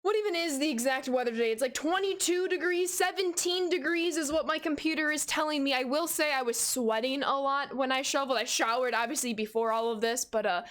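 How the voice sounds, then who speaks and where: Young woman, twenties, bright high voice, upbeat gaming streamer reading chat. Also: brisk, few pauses. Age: 20s. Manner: upbeat, greets chat viewers by name. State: out of breath. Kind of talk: casual live-stream chat.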